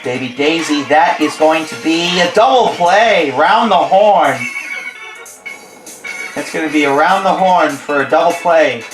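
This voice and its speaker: A host with a stuffy nose and a voice on the high side gives animated, playful, jokey play-by-play of a video game at a measured pace, often correcting himself. The recording sounds roomy, with game music playing behind him.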